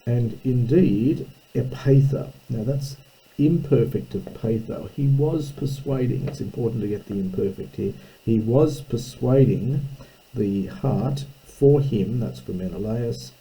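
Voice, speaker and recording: A man with a fairly low, very dark and mellow voice gives an unhurried lesson. He works through a text line by line, pausing often with ums and correcting himself as he explains. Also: vocal fry, low-quality recording. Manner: unhurried, thinking aloud with many ums and self-corrections. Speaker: teacher. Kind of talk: unscripted lesson, reading and translating a text line by line.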